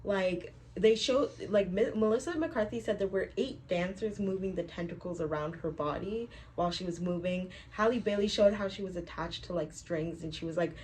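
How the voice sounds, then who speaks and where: A woman's voice: on the low side, normal speed, hardly any pauses, darkish tone, a little hiss or hum. A woman co-hosting a casual film review chat, effusive and full of praise.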